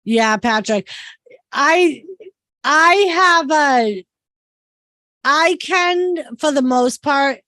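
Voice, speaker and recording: Woman, Massachusetts accent, chatty storyteller, unhurried and dry-miked, a bit high. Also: expressive, sharp tone, no echo. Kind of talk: casual chat.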